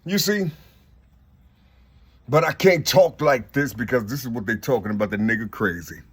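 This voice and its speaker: Husky middle-aged man rambling profanely. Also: animated, a little fast. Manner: profane, repetitive, swings from loud boasting to low mumbling. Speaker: vlogger. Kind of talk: rambling outdoor monologue. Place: outdoors among trees.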